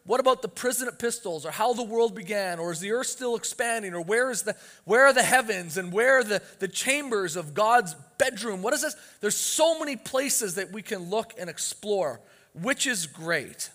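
A man's voice: high-pitched, lively intonation, moderate pace, a bit bright. A pastor preaching a sermon to his church, earnest and emphatic, his voice rising with urgency on key points. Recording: long reverb of a church hall.

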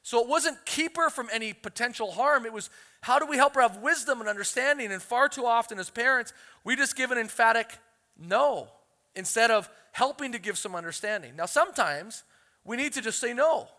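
High, bright-voiced man preaching. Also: brisk. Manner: animated storytelling, acts out quotes. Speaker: pastor. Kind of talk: sermon. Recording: long hall reverb.

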